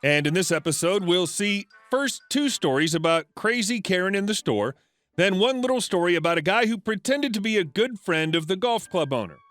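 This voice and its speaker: A man narrates online stories in a scripted, storytelling way. His voice sits high and moves lively up and down. Soft music plays faintly behind him. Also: normal speed, no room sound.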